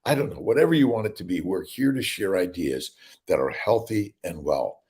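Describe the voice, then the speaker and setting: On a casual morning livestream, a middle-aged male doctor goes through viewer comments and greets people by name, upbeat and rambling. His low, darkish voice has lively intonation, and his pace is moderate.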